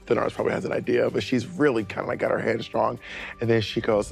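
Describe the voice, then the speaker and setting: A man playing a tabletop game, describing his character's actions in a relaxed, rambling way. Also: fairly low pitch, fast talker, vocal fry. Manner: relaxed, rambling narration with fillers. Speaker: player. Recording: faint music underneath.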